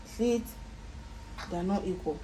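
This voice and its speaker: A Nigerian woman with a warm, mellow voice guides viewers through a sewing job at an easy pace, repeating each step as she demonstrates it. The sound is roomy and echoey, with a faint hum of background noise in her workspace. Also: mid-range voice, normal speed. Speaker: sewing tutor. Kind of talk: casual step-by-step sewing tutorial.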